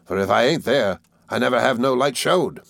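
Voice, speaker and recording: Man doing a jovial old fisherman, broad rustic dialect, raised gravelly voice, dry close sound. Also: mid-range voice, moderate pace, a bit bright, no echo, pitched above the performer's own voice. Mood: hearty. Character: hearty old male fisherman, warm and jovial.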